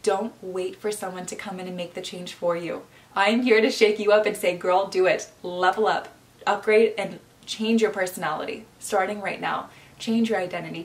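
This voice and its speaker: A woman's voice: mid-range voice, recorded from a distance, a little hiss or hum. Emotional young woman vlogging to camera. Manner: emotional, encouraging, speaks to viewers as sisters. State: teary, emotional. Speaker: lifestyle coach and vlogger. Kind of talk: heartfelt direct-to-camera vlog.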